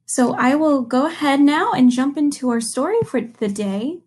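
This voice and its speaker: A woman's voice: high voice, measured pace, hardly any pauses, breathy edge. A young woman teacher reading a picture book aloud to children and asking them questions along the way. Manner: animated storytelling with questions to young listeners.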